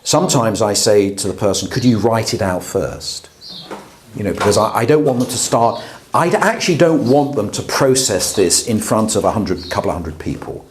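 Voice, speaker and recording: A man's voice: fairly low pitch, expressive, normal speed, slight background noise. A man, a pastor, teaching a class on preaching in a conversational way, often checking in with his listeners. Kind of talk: lecture to a class.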